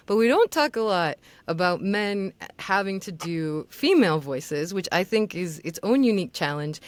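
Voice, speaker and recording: A woman's voice: mid-range voice, lively intonation, moderate pace, dry recording. Chatty woman mentor, dry close sound. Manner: chatty, loose, many filler words. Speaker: voice acting mentor. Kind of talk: casual feedback session.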